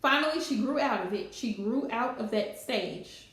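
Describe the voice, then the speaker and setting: A woman's voice: on the high side, expressive, normal speed, a bit bright. A woman, chatting casually on a live stream with playful scolding asides. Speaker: livestream host. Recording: very echoey room.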